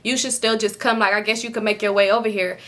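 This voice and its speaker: A woman doing her easygoing girlfriend, soft and coaxing. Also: medium pitch, fairly even intonation, quick pace, lightly acted.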